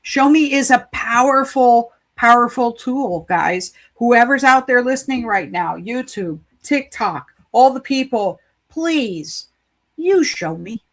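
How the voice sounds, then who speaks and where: A woman's voice: fairly high pitch, expressive, slow pace. Chatty woman giving card readings. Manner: chatty, playful and encouraging. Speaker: spiritual card reader. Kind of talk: casual live-stream card reading.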